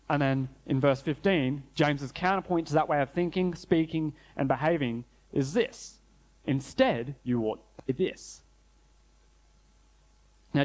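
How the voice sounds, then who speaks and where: A man preaching a sermon, earnest, slowing down and dropping low to stress key phrases. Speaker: pastor.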